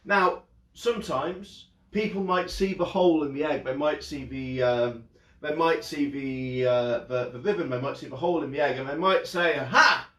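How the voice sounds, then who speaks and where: A man's voice: fairly high pitch, normal speed. A young man who entertains children, teaching a magic trick in a playful, jokey way on a live stream from a room at home. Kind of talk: live online magic lesson for kids. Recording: roomy echo, mic at a distance.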